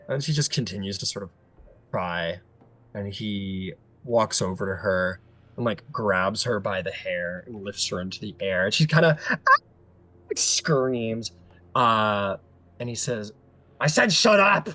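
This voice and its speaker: A man's voice: fairly low pitch, unhurried, long pauses, fairly bright tone. A man narrating a tabletop game as game master, casual and hesitant with many fillers.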